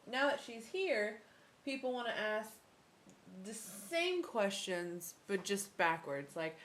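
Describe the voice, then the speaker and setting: Young woman vlogger, snarky rant to camera, mid-pitched, home camera mic, faint room hiss. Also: slow, fairly bright tone. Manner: sarcastic, swears freely, many ums. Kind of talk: casual ranting vlog. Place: at home with her baby.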